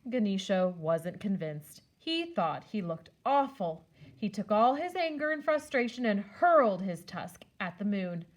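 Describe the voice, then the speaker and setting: A woman on a school's staff reading a children's picture book aloud with expressive storytelling. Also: mid-range voice, unhurried.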